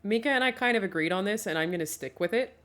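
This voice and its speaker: A woman's voice: mid-range voice, lively intonation, quick pace, a bit bright. A young woman talking casually to her livestream chat, often laughing and swearing freely, at a home setup with a desk mic. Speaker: streamer.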